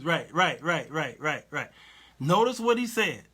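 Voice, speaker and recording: Talk show host: bright, animated man; repeats himself, keeps asking "you understand?". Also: fairly high pitch, a little slow, breathy edge. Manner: animated, repetitive, asks listeners "you understand what I'm saying?"; reads and answers viewer comments aloud. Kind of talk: casual Christian talk show commentary.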